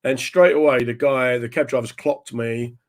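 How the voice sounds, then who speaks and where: A comedian with a medium-pitched voice and normal speed tells humorous stories while guesting. Animated in manner, he slips into impressions of the people he's talking about.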